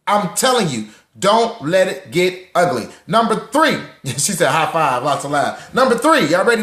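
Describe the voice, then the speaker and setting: A high-voiced, animated man hosts a live social audio room about personal finance, hyping his audience in lively, casual talk. He sounds preachy, repeats lines for emphasis, and greets listeners by name, with noticeable reverb on his voice.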